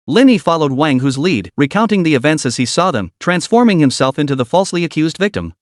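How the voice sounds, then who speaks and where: A man narrating a dramatic comic story in a scripted, expressive style. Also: fairly high pitch, fast, few pauses, dry recording, studio quality.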